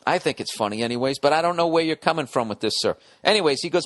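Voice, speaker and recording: A man's voice: medium pitch, animated, fast, few pauses, fairly bright tone. A man hosting a podcast, reading out a listener's letter and riffing on it in sardonic, profane, rambling casual comedic chat. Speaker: podcast host.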